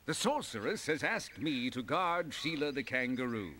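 A man's voice: mid-range voice, animated, moderate pace, sharp tone, a little hiss or hum. An actor voicing a greedy, scheming male bear merchant in a video game, with sly salesman patter. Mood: smarmy.

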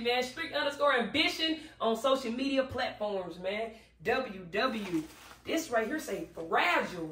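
Woman, Texan accent, high-ish voice, hyped slangy unboxing chat, roomy echo, mic set back. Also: far from the mic. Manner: hyped, slangy, shouting out supporters. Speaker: vlogger opening fan mail. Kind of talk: casual unboxing commentary.

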